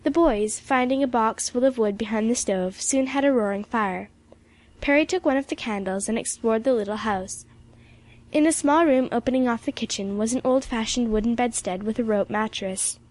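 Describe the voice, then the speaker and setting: A woman narrating an audiobook in a steady, expressive reading. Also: fairly high pitch, normal speed.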